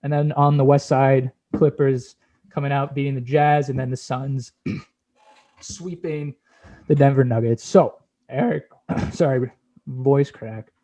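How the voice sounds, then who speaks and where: A man's voice: mid-range voice, fairly even intonation, a little slow, warm tone. A young man co-hosting a sports podcast, brash and opinionated, casually swearing as he talks playoff picks.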